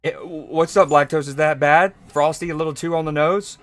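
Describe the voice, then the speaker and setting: A man's voice: fairly high pitch, fairly even intonation, normal speed, dry recording. Laid-back streamer guy. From Georgia, US. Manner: laid-back, joking, chatting with chat while playing. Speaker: game streamer. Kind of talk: casual live-stream chat.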